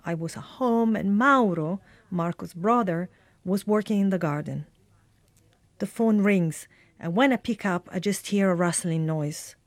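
Measured woman voice-over translator. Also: medium pitch, no echo. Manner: measured, reading.

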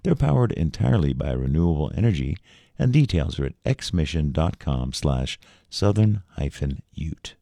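Very deep gravelly male radio announcer. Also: no room sound. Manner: steady, measured reading. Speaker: local public radio announcer. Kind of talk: read river report and sponsor credits.

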